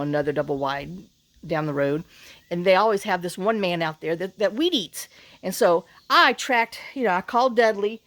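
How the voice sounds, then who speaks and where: A woman's voice: mid-range voice, no room sound. A middle-aged woman, chatting casually to camera outdoors, worn out from work in the heat, sighing and rambling with lots of fillers. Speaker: vlogger. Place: outdoors on rural property.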